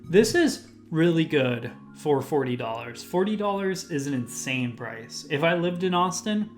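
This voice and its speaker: A man hosts his own whiskey review channel, casually rambling through lists of tasting notes stuffed with "like." His voice is a little high with lively intonation and an unhurried pace, with soft music in the background.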